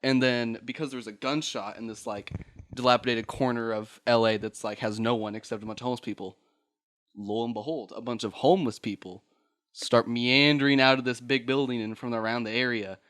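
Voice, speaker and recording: Bright-voiced man rambling through a story. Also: medium pitch, fairly even intonation, brisk. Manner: rambling, laughing, swears, acts out voices. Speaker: podcast host. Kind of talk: casual storytelling.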